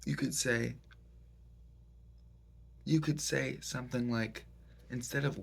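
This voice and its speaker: A man giving a mock-serious self-help lecture in a rambling, deadpan way, full of fillers and pauses. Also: mid-range voice, creaky. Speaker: comedic self-help presenter.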